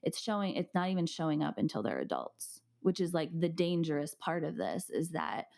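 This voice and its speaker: A woman's voice: deep voice, fairly quick, gravelly. A young woman hosting a podcast, chatting casually and acting out quotes as she tells stories. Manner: animated storytelling, acting out quotes. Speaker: podcast host. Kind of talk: casual chat.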